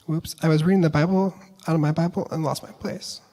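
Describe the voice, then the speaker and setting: Young man, slightly high voice, casual chapel talk, playful storytelling, long reverb. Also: fairly even intonation, brisk, mellow. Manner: chatty, playful, voices characters in asides. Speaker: chapel speaker. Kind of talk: casual retelling of a Bible story.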